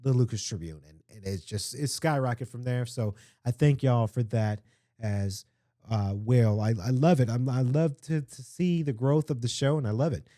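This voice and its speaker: A man's voice: medium pitch, moderate pace, warm tone, dry recording, studio quality. A man hosting a casual solo podcast, rambling and chatty, with lots of fillers and restarts. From Atlanta area, US. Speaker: podcast host.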